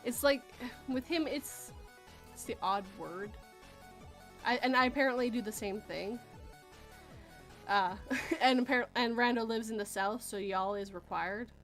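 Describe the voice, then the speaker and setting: Giggly woman, fairly high voice. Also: a little slow, long pauses, fairly bright tone, faint music behind. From Canada. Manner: giggly, rambling, self-deprecating. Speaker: podcast host. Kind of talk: casual chat.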